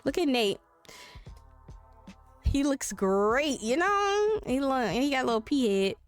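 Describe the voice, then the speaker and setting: Giggly lady streamer rambling over her game, high lively voice, little bit of music behind. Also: slow pace. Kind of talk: casual let's play commentary.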